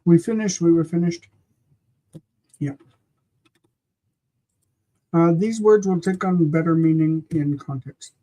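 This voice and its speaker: A man leads an online class in a somewhat high voice, affirming his students' answers and gently correcting how they pronounce words. He sounds like he is on a video call. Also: steady tone, slow pace, long pauses, low-quality recording. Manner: encouraging, gently corrects pronunciation. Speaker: teacher.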